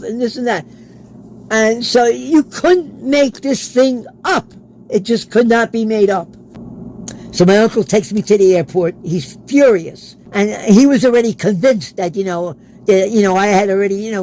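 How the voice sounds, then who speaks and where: A man's voice: high voice, a little mellow, a little hiss or hum, low-quality recording. A man, an interview guest, telling a personal story in a casual way and acting out the quoted dialogue. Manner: acts out quoted dialogue in his stories.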